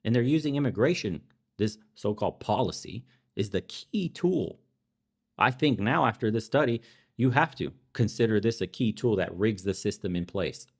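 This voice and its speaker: A man's voice: on the low side, expressive, normal speed, creaky. A young adult man hosting a podcast, ranting in heated political commentary with sarcastic, profane, mocking asides. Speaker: podcast host.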